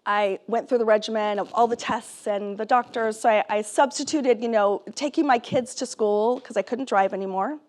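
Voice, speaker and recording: Woman giving a talk on stage, fairly high voice, chatty, laughs a lot between lines. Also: normal speed, few pauses. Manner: animated, laughing often through her story; conversational, with many fillers and restarts. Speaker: keynote speaker and author. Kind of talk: personal story talk to a live audience.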